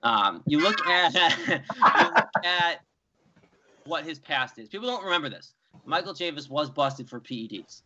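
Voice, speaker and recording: A young man, co-hosting a casual sports chat, animated and rambling. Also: fairly high pitch, normal speed, very noisy. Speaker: co-host. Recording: dull lo-fi sound.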